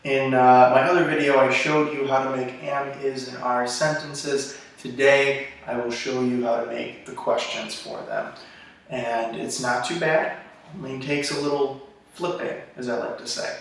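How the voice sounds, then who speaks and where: A man's voice: mid-range voice, fairly even intonation, unhurried. A male ESL teacher opens a lesson with friendly, simple phrasing. He sits well back from the microphone. A strong echo fills the room around him. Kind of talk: lesson introduction for English learners. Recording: very echoey room, far from the mic.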